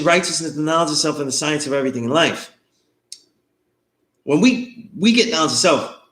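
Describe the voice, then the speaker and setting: A man's voice: a little high, fairly bright tone, reverberant. A man instructing an online course, lecturing in a loose conversational way and often checking in with his students. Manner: conversational, loose, often asks "you know what I mean?".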